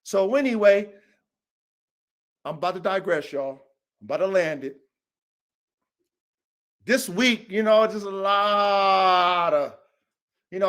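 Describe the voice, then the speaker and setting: A man who hosts a livestream podcast and breeds dogs rants casually, speaking bluntly and profanely, getting fired up and repeating himself. His voice is high with a fairly bright tone, picked up on a live stream mic.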